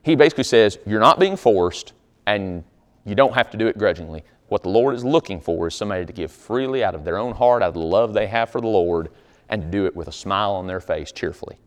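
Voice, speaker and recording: A man's voice: lowish voice, expressive, fast talker. A man preaching a sermon as pastor, speaking conversationally with jokes and reading scripture aloud.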